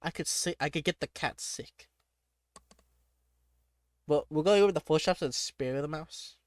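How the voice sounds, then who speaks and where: A man's voice: a little high, normal speed, dry recording, studio quality. A man playing a text adventure, reading the game text aloud and reacting casually, laughing often and breaking off with startled exclamations.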